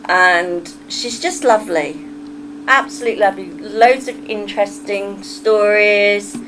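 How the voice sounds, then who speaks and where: A woman's voice: medium pitch, measured pace, fairly bright tone, rough recording. A woman with an English accent chats casually with her livestream viewers, answering their comments as they come in. She laughs often and tends to wander off on tangents. A faint hum of background noise sits under her voice. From England. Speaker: livestream host. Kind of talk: casual chat reading a live chat.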